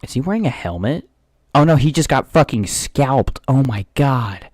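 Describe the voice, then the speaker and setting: A man's voice: mid-range voice, expressive, moderate pace, a little mellow. A man in casual let's-play commentary, joking, swearing and muttering reactions on a close microphone. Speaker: gaming streamer.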